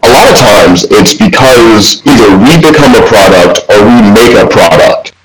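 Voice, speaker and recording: A man in his forties with a lowish voice tells a rambling story in a relaxed, offhand way. Heavy crowd noise surrounds him. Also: normal speed, echoey room, rough recording. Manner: laid-back, rambling, lots of "like" and "man". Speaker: guest, writer. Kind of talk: casual storytelling interview.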